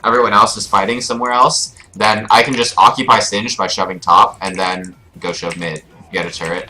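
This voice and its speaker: A man's voice: sits low, sharp tone, low-quality recording. A young man giving casual live commentary over his own gameplay as a streamer, explaining his choices with frequent fillers. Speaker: gaming streamer. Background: keyboard clicks and typing.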